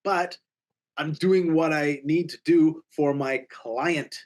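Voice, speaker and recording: Animated man telling a story. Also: on the high side, slow pace. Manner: animated, acts out both sides of conversations. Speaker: podcast co-host, realtor. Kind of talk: casual storytelling chat.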